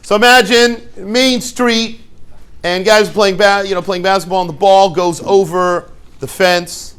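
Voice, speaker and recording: A rabbi teaching his students through a lively story, acting out the scenes and dropping in joking asides. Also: high-pitched, measured pace, clear, resonant tone. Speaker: rabbi and yeshiva head.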